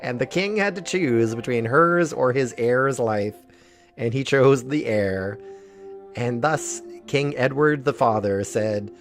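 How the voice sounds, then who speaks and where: A man's voice: mid-range voice, slow. A man streaming a game, reading its text aloud and commenting with playful laughter. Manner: animated, laughing often, playful. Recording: music playing behind the voice.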